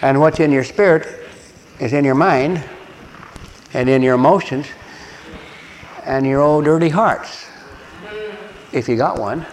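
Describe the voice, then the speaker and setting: A man's voice: fairly high pitch, measured pace, long pauses, a little hiss or hum. Older preacher man in a hall. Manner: animated storyteller who laughs and acts out voices. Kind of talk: sermon with storytelling. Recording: long echo of a large hall, faint ambience.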